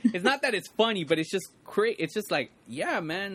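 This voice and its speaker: A man's voice: sits high, lively intonation, normal speed, a bit bright. A man in casual chat, rambling with many fillers and restarts. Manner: rambling, many fillers and restarts, quotes lines in put-on voices. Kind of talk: casual chat about a movie.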